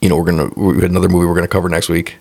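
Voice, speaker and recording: A man co-hosting a podcast, reviewing a movie in casual chat, animated and exasperated as he tells the plot. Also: low-pitched, rapid-fire, gravelly, slightly rough. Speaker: podcast co-host.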